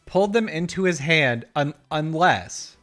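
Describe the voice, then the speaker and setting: A man's voice: fairly high pitch, animated, unhurried, fairly bright tone, faint music behind. A man co-hosting a podcast, chatting casually with wry, teasing remarks. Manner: laughs easily, wry and teasing. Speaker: podcast co-host. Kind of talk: casual chat.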